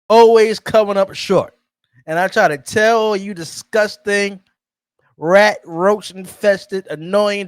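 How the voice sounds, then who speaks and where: On a dry recording, a high-voiced man co-hosts a sports podcast. He mocks rival fans in casual banter and laughs through his lines.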